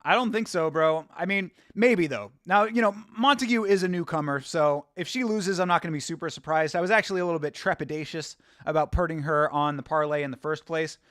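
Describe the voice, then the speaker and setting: A man's voice: fairly high pitch, brisk, hardly any pauses, a bit bright, dry recording, clean studio sound. A man hosting a live watch-along stream, chatting casually, rambling and laughing as he reads from chat.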